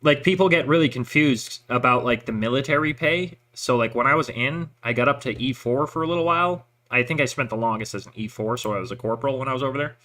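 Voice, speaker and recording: A man's voice: medium pitch, fast, hardly any pauses, bright, forceful tone. A man and army veteran telling stories in profane, rambling casual chat. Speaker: veteran chatting with a listener.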